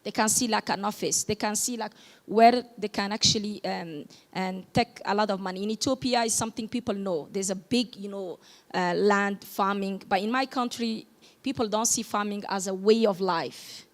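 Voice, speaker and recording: A woman's voice: mid-range voice, moderate pace. Woman from Djibouti, a Somali speaker, talking at a panel in English, stopping often to find words. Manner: hesitant, searching for English words. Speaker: panelist, farmer and podcaster. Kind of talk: panel discussion.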